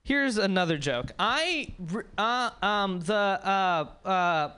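A man's voice: high-pitched, lively intonation, takes it slowly, bright, forceful tone, clean tone. A man in his twenties doing a rambling, self-mocking stand-up set, talking to the crowd. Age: 20s. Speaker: stand-up comedian. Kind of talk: stand-up set at an open mic.

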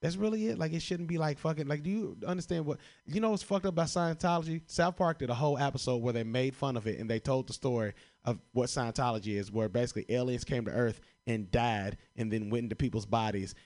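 A young man from Chicago doing a stand-up set with a medium-pitched voice. He swears freely and keeps laughing at his own jokes. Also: quick pace, hardly any pauses, darkish tone. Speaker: stand-up comedian. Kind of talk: stand-up comedy answering prompts.

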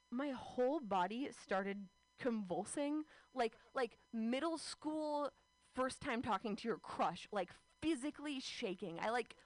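A woman in her thirties doing stand-up, rambling and self-mocking as she tells her story. Her voice sits fairly high and swings widely in pitch. The sound is close and dry on a stage mic. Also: no echo, low-quality recording. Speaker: stand-up comedian.

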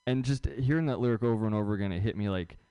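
A man's voice: fairly low pitch, rapid-fire, mellow, clear, resonant tone, no echo, lo-fi sound. A young man doing a stand-up comedy set, rambling and self-deprecating, stumbling over his words.

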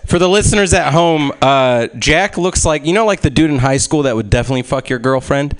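A man's voice: a little high, a little fast, clean tone. A man hosting an open mic, teasing the last comic and joking as he introduces the next one.

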